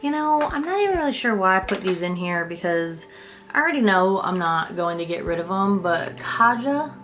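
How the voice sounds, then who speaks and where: Young woman beauty vlogger, casual and rambling, laughs at herself, average pitch. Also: very animated, normal speed, fairly bright tone. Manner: chatty, rambling, self-deprecating, swears casually. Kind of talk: casual makeup declutter chat.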